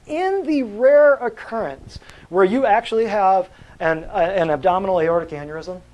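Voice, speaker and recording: A man teaching a natural health class, lecturing in an animated, preachy way and firing rhetorical questions at his students. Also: fairly high pitch, poor audio.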